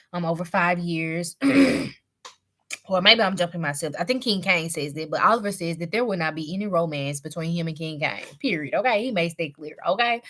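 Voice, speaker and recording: Woman, young, lowish voice, slangy casual recap, filler-heavy, throat-clearing cough. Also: a bit bright. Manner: chatty, slangy, frequent fillers and "period". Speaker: show reviewer.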